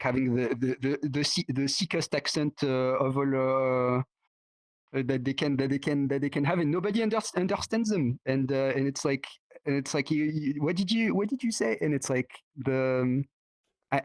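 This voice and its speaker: A man's voice: medium pitch, no echo. A man with a French accent, a native French speaker talking in English, chatting casually as a podcast guest, full of restarts and fillers. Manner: halting, many restarts and fillers. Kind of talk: casual chat.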